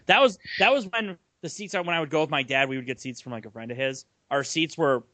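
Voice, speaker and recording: A man's voice: a little high, fast, no echo. A young man co-hosting a casual sports podcast, telling stories with laughter. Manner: animated storyteller, laughs while telling stories. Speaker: podcast co-host.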